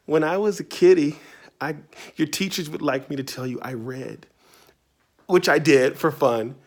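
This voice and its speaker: A man's voice: fairly high pitch, normal speed. A man from Virginia answering reader questions in a casual, playful, chatty way from his writing studio. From Tidewater Virginia, US. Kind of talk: casual video Q&A.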